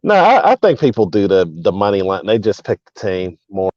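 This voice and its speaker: A low-voiced man chats about sports over a remote call, laid-back and thinking out loud as he goes. The audio is dull and lo-fi. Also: very animated, fairly quick, no echo. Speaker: co-host. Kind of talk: casual sports talk.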